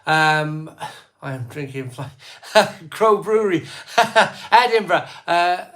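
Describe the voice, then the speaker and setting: A man's voice: a little high, fairly bright tone. Chatty man reading out viewer comments. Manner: rattles off viewer places and beers in quick lists. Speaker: live-stream host. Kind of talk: casual live-stream chat, reading out viewer comments.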